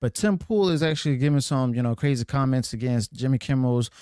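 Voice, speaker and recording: A man's voice: medium pitch, brisk, mellow, clean tone, dry recording, clean studio sound. A man hosting a reaction video, introducing a clip in a rambling way full of fillers and restarts. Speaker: commentary channel host.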